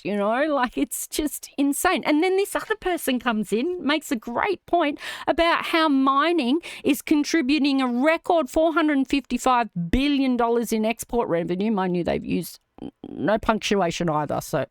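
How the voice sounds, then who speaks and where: Aussie mum streamer ranting about comments, swears a lot, crisp highish voice. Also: female voice, no echo, studio quality. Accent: Australian. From Australia. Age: middle-aged. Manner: indignant, swearing, reads comments aloud. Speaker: livestream host.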